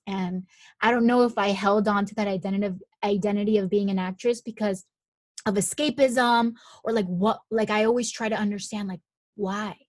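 A woman's voice: medium pitch, normal speed, no room sound, clean studio sound. A young woman from Miami, an actress, tells an emotional personal story in a chatty way full of "like" and restarts. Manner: animated when retelling, rising excitement. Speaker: guest, actress.

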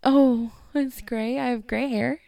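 A woman's voice: on the high side, fairly even intonation, slow pace, creaky, warm tone. A young woman co-hosting a casual chat, telling stories with plenty of joking and swearing. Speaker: podcast co-host.

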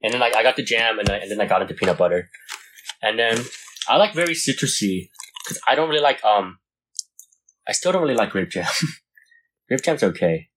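Young male co-host, husky, quick delivery, slangy and loose. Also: on the low side, expressive, a bit bright. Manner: laid-back, slangy, swearing, trails into laughs. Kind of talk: casual chat.

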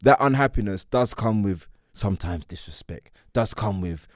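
A man with an East London accent chats on a podcast in a laid-back way, musing aloud and agreeing often. His voice sits low and sounds close and dry. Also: lively intonation, moderate pace, no echo. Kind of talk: casual podcast chat.

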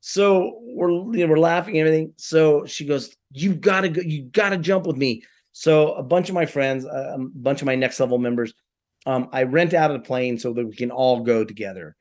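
A man's voice: medium pitch, normal speed. A man telling a personal story in casual conversation, acting out the quoted voices of the people in it. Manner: animated, acts out quoted voices.

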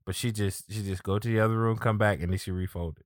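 Laid-back man telling stories, low voice. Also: fairly even intonation, quick pace, dry recording, clean studio sound. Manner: laid-back storytelling with many "like" fillers. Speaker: podcast co-host. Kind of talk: casual chat.

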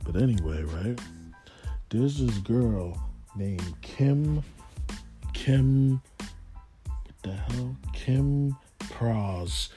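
A man's voice: mid-range voice, expressive, very slow, pauses often, dark tone, soft background music. A stoned man rambling in a casual, slangy monologue, often losing his thread. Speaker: podcast host.

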